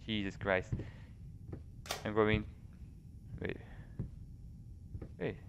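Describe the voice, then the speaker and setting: A man's voice: fairly low pitch, level tone, very slow, vocal fry, highs cut off, a little hiss or hum. A man playing a horror game on his channel, swearing, shrieking in panic and laughing nervously. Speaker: let's play host. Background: game music.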